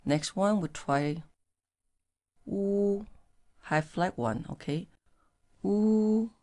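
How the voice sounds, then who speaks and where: A woman whose first language is Mandarin Chinese, teaching pinyin in English and slowly modelling tones for the learner to repeat. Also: low voice, mellow. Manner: slow, clearly modelled syllables. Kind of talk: language lesson with tone drills.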